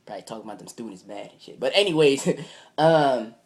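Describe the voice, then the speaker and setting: A man's voice: mid-range voice, lively intonation, fairly quick. A young man vlogging a casual, rambling story, swearing freely and retelling it line by line. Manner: rambling, profane, retells with "I'm like".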